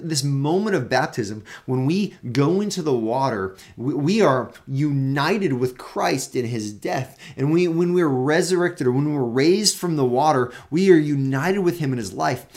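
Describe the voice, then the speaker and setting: Hosting a Bible teaching show, this man sounds a little high as he speaks earnestly yet casually. He often uses fillers and restarts his sentences, becoming emphatic when he reaches the key points.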